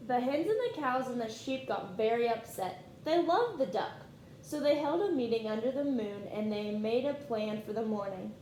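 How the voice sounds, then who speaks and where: A woman teacher reading a picture book aloud to her class in a slow, clear storytime delivery. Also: a little high, expressive, warm tone, roomy sound, slight background noise.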